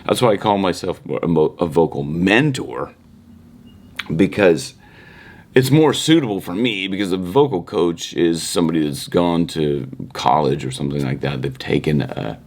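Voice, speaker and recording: A man's voice: deep voice, normal speed, darkish tone. A middle-aged man teaching singing in a casual, conversational way, now and then demonstrating tones and moving about the room. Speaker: vocal mentor. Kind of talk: casual vocal lesson to camera.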